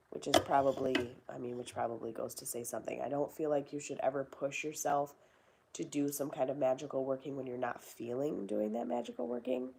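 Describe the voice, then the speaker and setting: A woman's voice: deep voice, gravelly, darkish tone, breathy edge. A young woman hosting a casual chat, rambling and swearing now and then. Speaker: host.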